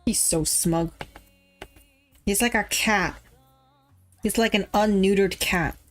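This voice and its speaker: This is a casual livestream chat from a woman VTuber who's had a bit to drink; she rambles off topic, curses and laughs. Her medium-pitched voice is fairly bright and slow, over faint background music.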